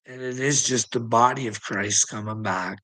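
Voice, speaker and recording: A man's voice: mid-range voice, normal speed, pushed and bright, rough recording. A man rambling casually to his livestream chat, swearing a lot and chuckling often between phrases. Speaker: livestream host talking to chat.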